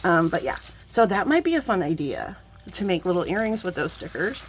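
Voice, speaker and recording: A woman's voice: fairly low pitch, sing-song, fairly quick, faint music behind. Gushing woman chatting over bead mail. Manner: gushing, effusive, chatty, many asides to viewers. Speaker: jewelry-making YouTuber opening bead mail. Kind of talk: casual chatty unboxing vlog.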